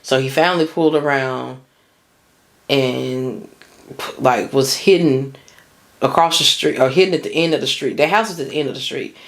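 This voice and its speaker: A woman's voice: extremely low pitch, normal speed. A young woman telling a personal story in a casual, rambling way, with lots of restarts and slang.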